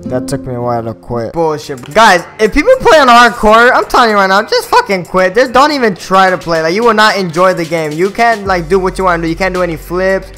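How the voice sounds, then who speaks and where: A man giving live, slangy gameplay commentary, excitable and prone to loud outbursts. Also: high-pitched, brisk, few pauses, faint music behind. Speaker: gaming video host.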